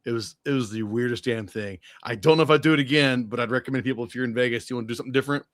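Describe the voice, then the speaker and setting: A man's voice: medium pitch, rapid-fire, no echo, clean studio sound. A man co-hosting a podcast, laid-back and blunt with casual swearing. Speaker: podcast co-host. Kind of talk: casual chat.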